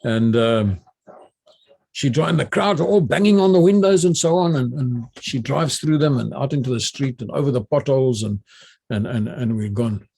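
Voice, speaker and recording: A man's voice: medium pitch, moderate pace, creaky, husky. An older man with a South African accent, a retired army general telling a story animatedly, with many restarts. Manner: animated retelling, many restarts and repeated words. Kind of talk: anecdotal storytelling.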